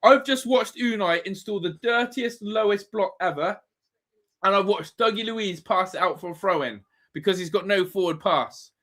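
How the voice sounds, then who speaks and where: A man's voice: high voice, moderate pace, a bit bright. A man hosting a live football watch-along, ranting and swearing in exasperation at his team. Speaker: fan channel host.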